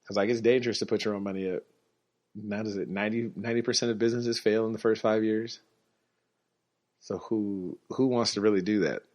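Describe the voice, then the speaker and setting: A man's voice: fairly low pitch, fairly even intonation, brisk, a little mellow. A man hosting a podcast, telling a casual, rambling story and correcting himself as he goes. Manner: rambling, self-correcting, quotes others in his own voice. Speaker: podcast host. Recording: dull lo-fi recording.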